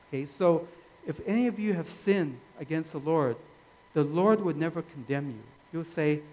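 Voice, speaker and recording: A man preaching in a gentle, conversational way, his voice sitting a little high. He pauses and restarts often as he talks to his congregation. Faint background noise sits under the recording. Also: low-quality recording. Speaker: pastor. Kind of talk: sermon.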